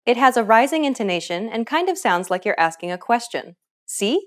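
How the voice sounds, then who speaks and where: A woman narrating a scripted lesson, explaining pronunciation clearly and step by step. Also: on the high side, animated, brisk. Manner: clear, instructive. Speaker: pronunciation teacher.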